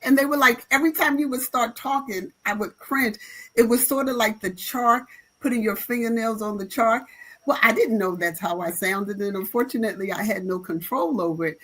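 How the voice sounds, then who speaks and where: A woman's voice: on the high side, normal speed, fairly bright tone, low-quality recording. A woman pastor speaking on a live panel, emphatic and encouraging, with a preaching flavor.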